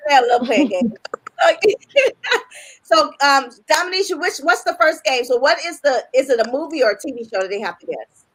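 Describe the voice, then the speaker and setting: Chatty, high-voiced woman hosting a livestream. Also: lively intonation, fairly quick, rough recording. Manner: chatty, joking, laughs often. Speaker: host and publisher.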